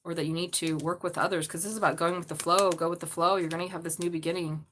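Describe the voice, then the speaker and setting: Chatty, excitable woman reading tarot. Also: lowish voice, fast, slight background noise. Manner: chatty, excitable, swears casually, talks to viewers directly. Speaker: tarot reader.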